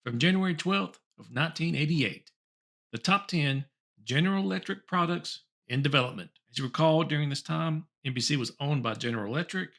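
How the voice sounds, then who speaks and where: A man's voice: on the high side, fairly quick, gravelly, fairly bright tone. A man hosting a comedy show, reading old top ten lists aloud with chuckles and wry asides. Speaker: host.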